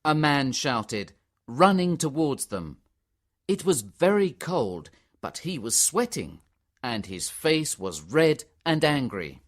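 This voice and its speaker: A man's voice: medium pitch, very animated, slow pace. Man narrating a graded reader story.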